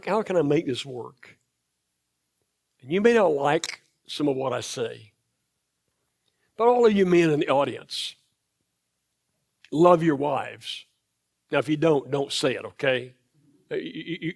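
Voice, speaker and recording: A man preaching from the pulpit in a church sanctuary. His voice sits fairly high for a man, and he takes his time, leaning on each phrase and repeating the important ones. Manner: slow, emphatic, repeats key phrases. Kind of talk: sermon.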